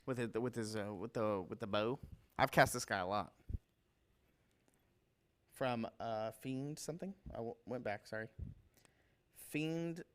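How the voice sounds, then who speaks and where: A man's voice: medium pitch, measured pace, long pauses, fairly bright tone, clean tone. A man hosting a casual livestream, rambling with enthusiasm and tripping over names as he talks through fan work. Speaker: livestream host showing painted miniatures.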